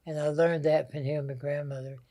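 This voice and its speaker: A man's voice: a little high, flat delivery, fairly quick, mellow. An older man with a Southern American accent, telling folksy family stories as an interview guest. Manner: folksy, anecdotal storyteller. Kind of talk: storytelling interview.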